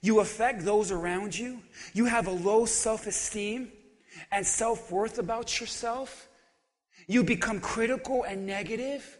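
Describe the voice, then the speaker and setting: A male pastor preaching an animated, humorous sermon that swings between shouting and quiet talk. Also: high voice, measured pace. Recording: long reverb of a large hall.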